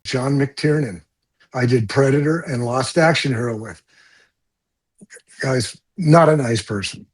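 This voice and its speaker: An older man, a stunt coordinator, telling blunt, animated stories from film sets in an interview and swearing freely. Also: mid-range voice, a little slow, long pauses. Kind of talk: storytelling interview.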